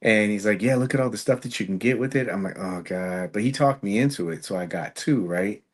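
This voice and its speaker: A man with a very low, deep voice talks as a podcast guest. He is relaxed and easygoing, recalling when he was first starting out in a casual storytelling way. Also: a little fast. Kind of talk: casual chat.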